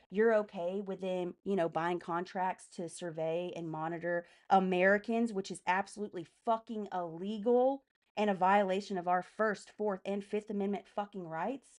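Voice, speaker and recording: A young woman streaming live and venting about politics, cursing constantly and talking fast with mounting anger. Her voice sits at an ordinary middle pitch for a woman, and she sounds worked up and agitated throughout. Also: darkish tone. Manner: heavy swearing, fast and heated. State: enraged, agitated.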